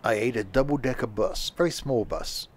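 A man's voice: mid-range voice, moderate pace. A man casually chatting while live-streaming a train game, rambling and joking to himself and his chat at a home desk mic.

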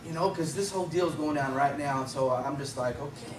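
A man's voice: on the high side, fairly quick, reverberant, recorded from a distance, noisy background. A man giving a personal testimony at church, telling his story conversationally and chuckling often.

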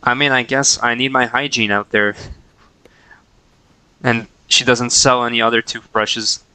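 Man, game streamer, bright crisp voice, playful running commentary. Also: mid-range voice, steady tone, a little slow, no room sound, poor audio. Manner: playful, jokey, talks to the characters. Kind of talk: casual gameplay commentary.

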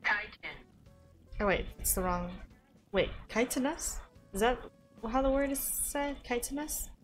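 A chatty young American woman talking over her game on a live stream, her voice sitting a little high. She thinks aloud, gasps and laughs often, close to a desk mic with faint music behind. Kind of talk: casual live-stream chat while gaming. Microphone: desk microphone.

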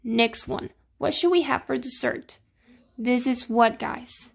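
A woman teacher with a fairly high, creaky voice leads children through a grammar lesson. Her delivery is slow and patient, and she frequently asks "okay?" and "right?" to make sure they're following.

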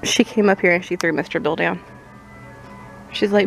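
A woman's voice: fairly low pitch, fairly even intonation, moderate pace, gravelly, long pauses, faint music behind, poor audio. A mother vlogging casually, coaxing her baby in a playful sing-song voice. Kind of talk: casual vlog chat and baby talk.

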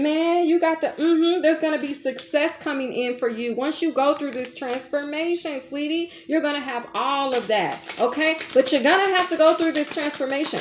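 A woman's voice: sits high, reverberant, slight background noise. A woman giving a tarot reading to her listeners, coaxing and emphatic, calling them baby and honey. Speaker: tarot reader.

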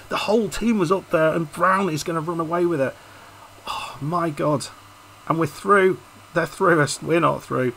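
A man's voice: fairly high pitch, creaky, sharp tone, a little hiss or hum, low-quality recording. A man commentating casually over a football management video game, frustrated and hesitant, often restarting his sentences. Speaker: YouTube gaming host.

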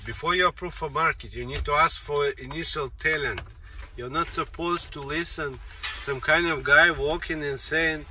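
With a bright, forceful tone, fairly high pitch and normal speed, a man rambles insistently through a monologue, returning again and again to the same points. The mic is distant and picks up faint noise.

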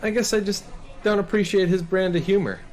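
A man's voice: high-pitched, a little fast, darkish tone, a faint crowd. A man hosting a scripted comedy sketch about model cars, talking in a theatrical, preachy big-brother manner. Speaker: host.

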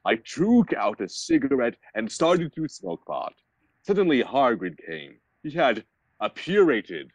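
A young man reading a bad fan story aloud for laughs, sarcastic and animated, over a voice call. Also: mid-range voice, unhurried, dry recording, rough recording. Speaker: reader in a group reading. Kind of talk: mock-dramatic comedic reading aloud.

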